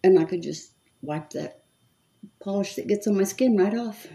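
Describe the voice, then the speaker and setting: This woman in her seventies, a makeup vlogger, talks to her viewers and murmurs to herself as she applies makeup on camera. Her voice is medium-pitched and mellow, at a normal speed.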